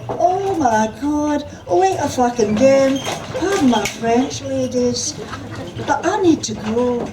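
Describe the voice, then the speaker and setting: A woman reads as a brash, cheeky drag queen in a breathy Scottish drawl, pitched high and projected loud. The voice sounds far from the microphone, with noise in the background. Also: expressive, slow, echoey room. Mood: teasing, theatrical. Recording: distant mic with background noise.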